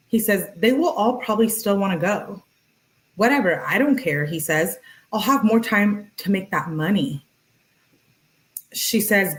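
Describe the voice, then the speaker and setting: A woman's voice: medium pitch, lively intonation, moderate pace, poor audio. A woman reading a couple's text messages aloud, acting them out and adding sarcastic commentary. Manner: sarcastic asides between dramatic readings. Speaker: true crime commentator.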